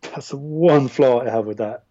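An Irish filmmaker, a guest on a podcast, talking casually about films in a rambling way with frequent restarts. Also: male voice, mid-range voice, normal speed, mellow. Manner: rambling, with many restarts and fillers. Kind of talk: casual film discussion. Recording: dull, muffled audio.

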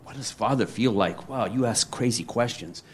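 A man's voice: medium pitch, moderate pace, slightly rough. A man in a candid conversation, rambling with many fillers and restarts and acting out quoted dialogue. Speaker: interviewee.

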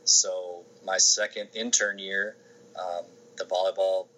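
A man's voice: low voice, level tone, takes it slowly, bright, forceful tone, rough recording. A man, a sports information director, answering interview questions in a casual, rambling way with many restarts and fillers.

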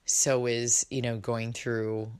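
A woman's voice: a bass voice, level tone, slow pace, a little mellow, clean tone. A woman hosting a podcast in casual chat, bubbly and rambling, laughing often, recorded indoors. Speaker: podcast host. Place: indoors in London.

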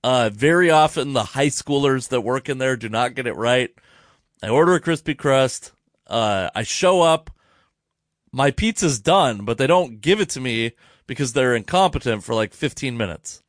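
A man hosting a casual podcast chat, telling a story in an animated, profane way. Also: mid-range voice, moderate pace, no echo, studio quality. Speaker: podcast host.

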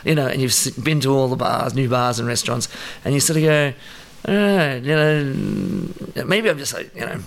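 An Australian man in his fifties talks as a guest in a relaxed interview. His voice sits at a middle pitch. He rambles, piling on fillers and acting out little asides. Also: quick pace, few pauses. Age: 50s. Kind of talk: casual interview chat. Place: New York.

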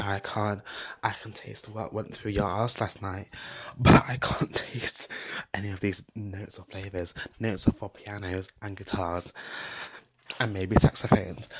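A woman with a gravelly, husky voice rambles through a story to camera. She is blunt and sassy, jumping from loud, animated outbursts to quiet, almost whispered asides. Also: extremely low pitch. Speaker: vlogger.

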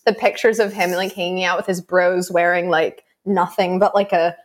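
A woman's voice: fairly low pitch, fairly even intonation, normal speed. Chatty laughing woman podcaster. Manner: chatty, laughing, lots of fillers. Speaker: podcast co-host. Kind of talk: casual chat.

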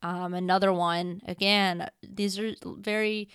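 A woman's voice: mid-range voice, flat delivery, measured pace, fairly bright tone, clear, resonant tone, no room sound, studio quality. A woman hosting a podcast in a casual, gushing and heartfelt monologue, with a tearful edge. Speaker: podcast host.

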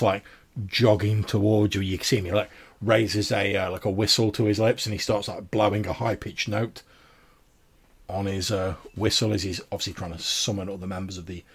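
A man's voice: low voice, level tone, normal speed, breathy edge. A man narrating as game master of a tabletop role-playing game, rambling with lots of fillers.

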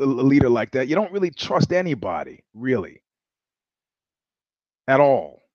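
A man's voice: on the high side, darkish tone, no room sound. Profane storytelling male show host. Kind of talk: casual monologue. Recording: dull lo-fi sound, dry.

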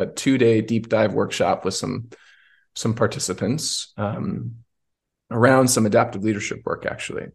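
A man hosting a podcast who tells a personal story in an earnest, searching way, often restarting his sentences. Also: on the low side. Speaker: podcast host. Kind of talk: reflective personal storytelling in conversation.

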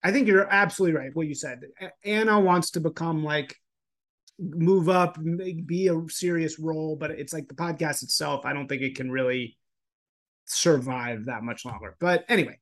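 A man's voice: fairly high pitch, fairly bright tone. A man hosting a casual podcast interview, agreeable and encouraging toward his guest. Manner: agreeable, quick to say "totally agree". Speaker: podcast host.

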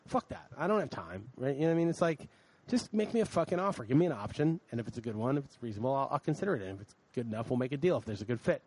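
A man's voice: mid-range voice, racing, husky, low-quality recording. A man co-hosting a podcast, ranting in casual chat with frequent swearing. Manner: animated, profane ranting. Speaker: podcast co-host.

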